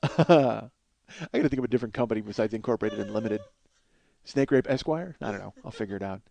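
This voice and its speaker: A man's voice: lowish voice, fast talker, vocal fry, mellow. A man in his forties hosting a comedy podcast, rambling through absurd running bits and laughing at his own jokes. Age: 40s.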